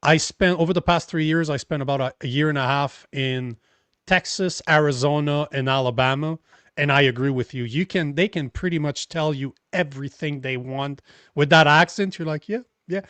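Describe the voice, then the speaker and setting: A man's voice: a little high, steady tone, moderate pace, a bit bright, no room sound. A man with a French accent co-hosting a political talk show, blunt and swearing freely as he reads viewer comments. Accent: French Canadian. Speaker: podcast co-host. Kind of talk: casual political chat.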